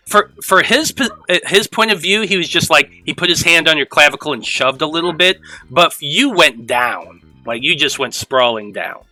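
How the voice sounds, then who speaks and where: A man narrating as game master of a tabletop role-playing game, rambling with halting restarts. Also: on the high side, pushed and bright, rough recording.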